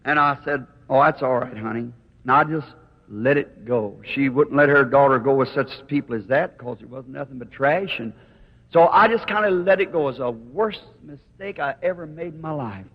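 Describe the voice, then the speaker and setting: A male preacher with a high voice tells his story in a folksy, animated sermon. It comes from an old, dull archive tape. A long reverb rings from the hall around him. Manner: folksy, animated, quick laughs.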